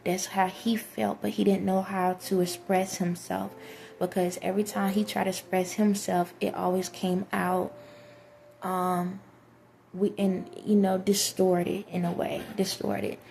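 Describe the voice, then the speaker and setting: Low gravelly woman, flat earnest monologue. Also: a little slow, slight background noise. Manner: earnest, rambling, addresses viewers directly. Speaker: vlogger. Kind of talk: spiritual monologue to viewers.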